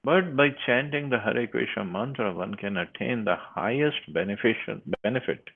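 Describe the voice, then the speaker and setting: A man's voice: medium pitch, normal speed, husky. A man giving a scripture class, reading verses and then explaining them with frequent restarts. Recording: tinny phone-like line.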